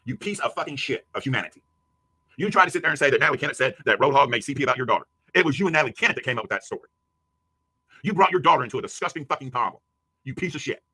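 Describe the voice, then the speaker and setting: A man shouting a profane, angry livestream rant, hurling insults at a rival. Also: mid-range voice, lively intonation, very fast, slightly rough, no room sound. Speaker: YouTube streamer.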